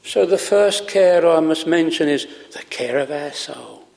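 A man preaching a sermon from the pulpit, slow and earnest, stretching out words for emphasis. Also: a little high, animated, creaky, a little mellow, in a large hall. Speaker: pastor. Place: chapel.

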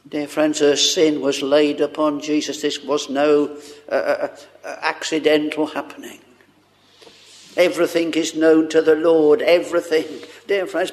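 A man preaching a sermon, speaking haltingly with many fillers and fervent exclamations. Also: on the high side, a little mellow.

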